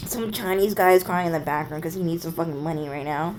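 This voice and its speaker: A woman's voice: deep voice, quick pace, a little mellow, a little hiss or hum. A woman vlogger telling a story casually, rambling and swearing, with plenty of fillers and side remarks.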